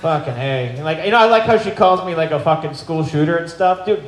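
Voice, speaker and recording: A man's voice: a little high, brisk, crowd noise. A man doing a live stand-up roast in a bar, profane and rambling, often laughing at his own jokes. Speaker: roast guest of honor. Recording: echoey bar room, loud background noise.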